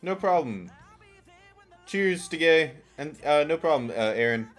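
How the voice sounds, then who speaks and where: A man's voice: fairly high pitch, animated, unhurried. A man streaming live, chatting casually in a rambling, self-mocking way and often restarting his sentences. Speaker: streamer playing a party game. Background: faint background music.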